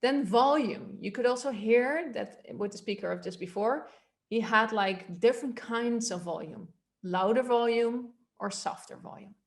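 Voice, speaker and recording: A woman voice coach teaching a workshop, explaining in a relaxed way with filler words. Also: a little high, unhurried.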